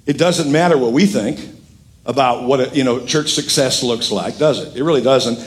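A middle-aged man preaching a sermon as pastor, animated and emphatic with frequent jokes. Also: mid-range voice, moderate pace.

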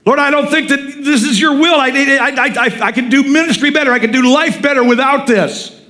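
An insistent, stammering apostle Paul begs again and again for relief, as a preacher acts him out. The voice climbs well above his normal speaking pitch and presses forward with urgency. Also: very animated, quick pace. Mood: pleading. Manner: urgent, begging, stammering prayer. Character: the apostle Paul, pleading man in pain.

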